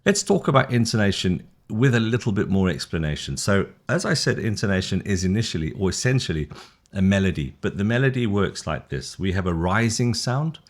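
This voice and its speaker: Deep-voiced British man teaching. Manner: chatty, loose, with fillers and restarts. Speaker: English teacher. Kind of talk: casual spoken lesson.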